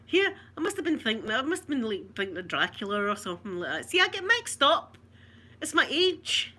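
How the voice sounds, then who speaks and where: A woman's voice: on the high side, big pitch swings, brisk, bright, forceful tone. A Scottish woman from Scotland in casual live chat, talking to viewers, laughing often and reading out their comments. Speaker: vlogger.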